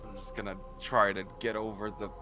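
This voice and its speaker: A man's voice: fairly low pitch, flat delivery, brisk, bright, forceful tone, faint music behind. A man taking part as a player in a tabletop game, giving hesitant, stammering replies.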